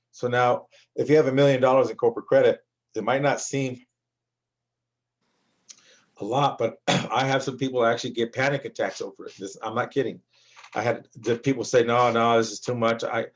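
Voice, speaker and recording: In a rambling motivational monologue about business credit, a male coach keeps restarting and repeating himself. His voice is medium-pitched, and the recording has its high frequencies cut off.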